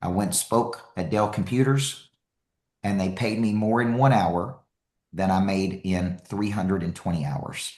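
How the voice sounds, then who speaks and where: A man giving an energetic, emphatic live motivational talk as a speaker and coach, repeating key lines for effect. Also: sits low, a little slow, roomy sound.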